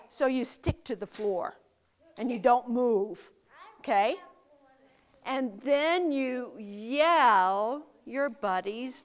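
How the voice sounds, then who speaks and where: A middle-aged woman teaching young children safety rules, speaking emphatically and asking them lots of questions. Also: high-pitched. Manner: slow, emphatic, asks the children many questions.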